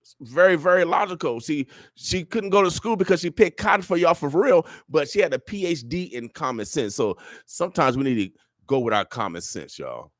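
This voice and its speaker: An animated, slightly high voice moving a little fast belongs to an Omaha, Nebraska man hosting morning radio. Preaching with sermon-like emphasis to motivate listeners, he keeps repeating "oh yeah," and the studio recording is clean with no echo.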